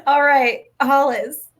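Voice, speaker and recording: A woman with a slightly higher voice hosts this week's round of a podcast. She chats loosely and giggles easily between points. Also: fairly bright tone. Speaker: guest host this week. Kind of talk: casual podcast chat.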